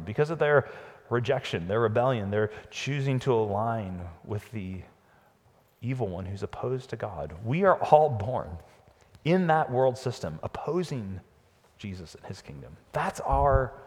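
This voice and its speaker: Guy preaching a sermon, earnest and emphatic, mid pitch, long echo like a big church hall. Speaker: pastor.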